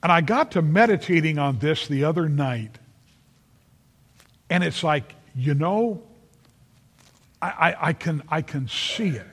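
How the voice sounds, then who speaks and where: Earnest preacher, slow and emphatic. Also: male voice, a little high, animated, a bit bright, slightly rough. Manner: earnest, emphatic, repeats phrases for stress; addresses listeners directly by name. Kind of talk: sermon. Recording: long reverb of a large hall.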